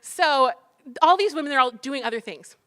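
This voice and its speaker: High bright-voiced woman telling stories. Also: normal speed. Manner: animated, acts out dialogue with laughs. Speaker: cookbook author and speaker. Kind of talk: motivational storytelling talk.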